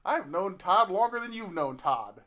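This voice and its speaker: A man co-hosting a casual wrestling podcast who rambles, halting and restarting his sentences as he chats. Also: sits high, animated, a bit bright. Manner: rambling, halting, self-interrupting. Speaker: podcast co-host.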